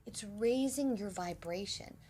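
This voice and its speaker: A middle-aged woman hosting a casual spiritual talk, animated, acting out little quoted dialogues. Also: medium pitch, measured pace, slight background noise. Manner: animated, quotes herself and her husband in dialogue. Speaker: spiritual host.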